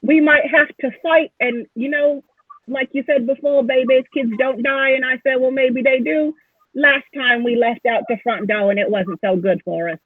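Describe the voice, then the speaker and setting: A woman's voice: high-pitched, steady tone, normal speed, no echo, voice pushed up. A woman voicing a plucky halfling girl thief who lays out a heist plan in chatty, slangy talk. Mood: scheming. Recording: tinny phone-like line.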